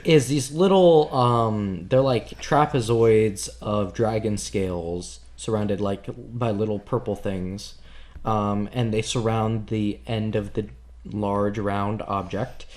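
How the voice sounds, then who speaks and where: A man's voice: on the low side, fairly even intonation, slow pace, darkish tone. A man running a tabletop game as game master, narrating scenes in a joking, loose way.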